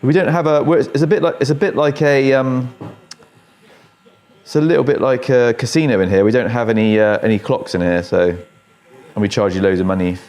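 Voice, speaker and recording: A man's voice: medium pitch, a little fast, a little mellow. An English man working as a barber, chatting and telling jokey stories to his client while cutting hair in a barbershop. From England. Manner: chatty, joking storyteller.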